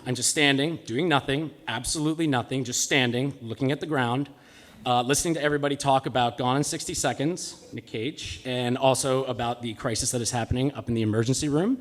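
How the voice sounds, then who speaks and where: A man telling a personal story live on stage, with a comic, self-mocking delivery. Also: medium pitch. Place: live stage in a cultural center.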